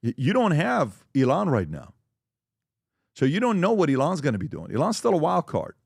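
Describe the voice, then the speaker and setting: A man hosting a podcast panel, talking casually and pitching merchandise with excitement. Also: moderate pace, vocal fry, husky, dry recording, clean studio sound. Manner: animated, excited sales pitch. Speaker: podcast host.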